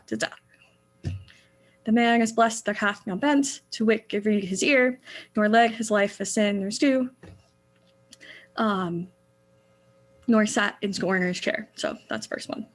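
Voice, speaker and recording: A woman, maybe in her thirties, giving an illustrated church lecture, explaining eagerly with frequent fillers and restarts. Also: fairly high pitch.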